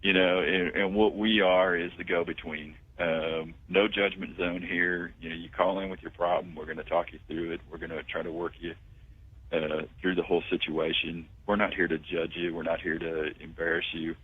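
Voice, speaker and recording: A man, a tax firm owner, pitching his services confidently as a guest phoning into a radio talk show. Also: flat delivery, normal speed, husky, no room sound. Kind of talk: radio phone-in interview. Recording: tinny phone line.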